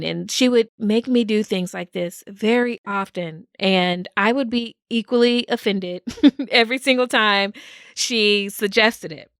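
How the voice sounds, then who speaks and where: A woman's voice: medium pitch, unhurried, a bit bright, smooth, no echo, studio quality. A woman hosting a solo podcast, talking in an upbeat way and laughing often. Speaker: podcast host.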